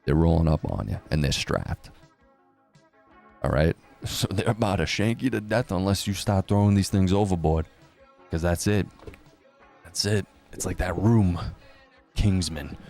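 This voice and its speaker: Brief: very deep, gravelly male commentator, casual and sarcastic, salty language. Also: a little slow, long pauses, a little mellow, faint music behind. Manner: profane, sarcastic, mocks others in put-on voices. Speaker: crypto news commentator.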